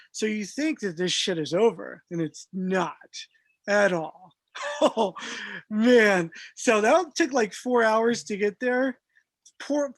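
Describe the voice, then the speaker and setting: A man guest telling a personal story in a casual, animated way, laughing often and using lots of fillers. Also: high voice, dry recording.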